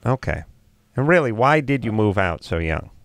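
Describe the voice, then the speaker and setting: A man's voice: medium pitch, sing-song, normal speed, no room sound. A man co-hosting a call-in advice radio show, blunt and wisecracking, cutting in over others. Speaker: radio co-host.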